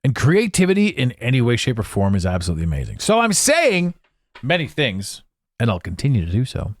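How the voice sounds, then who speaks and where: A man hosting a solo podcast, rambling in a jokey, animated way into a close microphone. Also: medium pitch, brisk, no room sound. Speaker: podcast host. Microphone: close studio mic.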